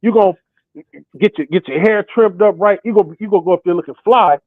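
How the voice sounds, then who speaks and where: High pitched young guy ranting about hoops, sounds like a phone line. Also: fast, no echo. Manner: acts out imagined quotes in put-on voices. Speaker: podcast co-host. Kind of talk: animated sports talk.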